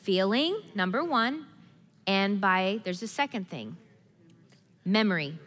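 A woman pastor preaching a sermon, emphatic and repetitive, building to forceful declarations in a church sanctuary. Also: medium pitch, expressive, takes it slowly. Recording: long reverb of a church hall.

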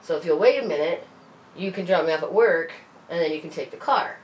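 A woman telling stories in casual chat, animated and quick to swear and laugh. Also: on the low side, recorded from a distance. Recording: roomy, off-mic, faint hiss.

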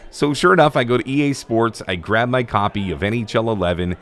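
A man, once a stadium broadcaster and PA announcer, telling a casual, animated story in a conversational way. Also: mid-range voice, fairly quick.

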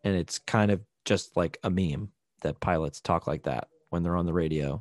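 A man's voice: low voice, normal speed, darkish tone, no room sound, clean studio sound. A man co-hosting a casual podcast, explaining things at length with many fillers. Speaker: podcast co-host. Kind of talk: casual chat.

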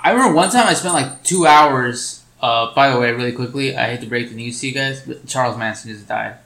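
A man's voice: mid-range voice, a little fast, vocal fry, fairly bright tone. A young man chatting casually, laid-back and joking, with frequent swearing. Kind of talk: casual chat. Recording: roomy echo.

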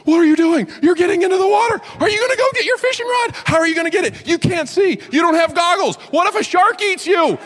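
A man voicing a little boy who fires off endless incredulous questions, pitching his voice far up and shouting. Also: lively intonation. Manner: rapid-fire shouted questions. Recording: long hall reverb.

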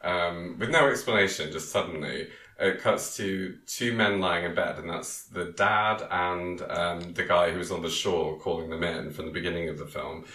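A man's voice: low voice, fairly even intonation, moderate pace, sharp tone, echoey room. A man recapping a film in casual chat, rambling with many ums and frequent laughs. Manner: rambling, many ums, laughs often, quotes characters in silly voices. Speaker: podcast co-host recapping a film.

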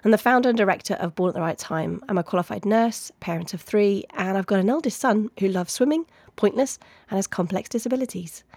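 A woman's voice: mid-range voice, darkish tone, no room sound. A middle-aged woman hosting a podcast, chatting in a playful, jokey way. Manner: playful, jokey, quick to laugh. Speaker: podcast host. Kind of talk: casual chat.

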